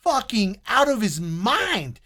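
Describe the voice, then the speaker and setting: A man's voice: high-pitched, very animated, slow, bright, forceful tone. A man in casual podcast chat, talking bluntly, swearing freely, and laughing often.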